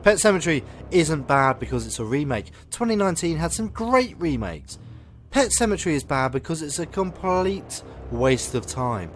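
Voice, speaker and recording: A man hosting a film podcast, reviewing films and chatting casually with a sarcastic, animated delivery. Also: fairly high pitch, normal speed, soft background music. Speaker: podcast host.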